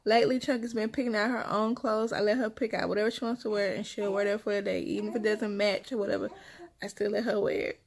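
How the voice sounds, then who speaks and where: A young woman and mother, casually telling her viewers a story in a chatty, animated way and repeating her phrases as she goes. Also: mid-range voice, fast, vocal fry. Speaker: mother vlogging about her kids.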